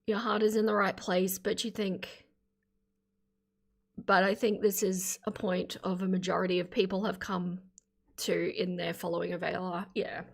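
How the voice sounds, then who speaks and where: A woman's voice: on the low side, level tone, moderate pace, vocal fry. Woman host, thirties, chatty reaction-stream commentary. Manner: chatty, opinionated, thanks viewers warmly. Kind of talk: casual commentary livestream.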